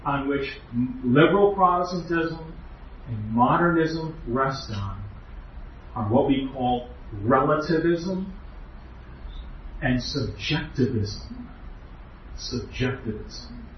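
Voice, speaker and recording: A man's voice: mid-range voice, animated, takes it slowly, long pauses, a little hiss or hum. A man giving an earnest, emphatic doctrinal lecture as a preacher, with rhetorical questions. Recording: echoey hall, distant, muffled.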